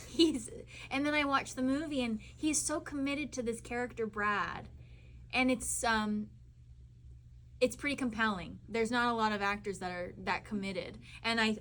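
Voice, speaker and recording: A young actress woman telling chatty, animated stories with fillers at a live cinema Q&A. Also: on the high side, a little hiss or hum. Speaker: actress at a screening Q&A. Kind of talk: live Q&A storytelling. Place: cinema auditorium.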